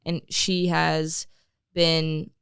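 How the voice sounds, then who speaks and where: A woman who is a fitness coach, talking on a podcast in a reflective, measured way with many fillers. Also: low-pitched, flat delivery, gravelly, fairly bright tone, clean tone. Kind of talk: casual podcast chat.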